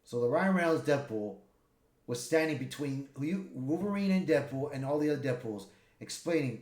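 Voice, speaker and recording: A man giving a casual spoken movie recap, retelling scenes with loud, high-pitched character impressions. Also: lively intonation, moderate pace, reverberant. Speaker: movie reviewer.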